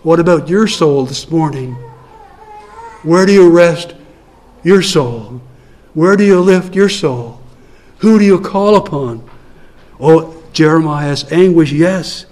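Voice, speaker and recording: A man preaching a sermon with a slightly high voice. He is earnest and leans on repetition, drawing key phrases out slowly. He drops to soft, low passages and then lifts to louder lines.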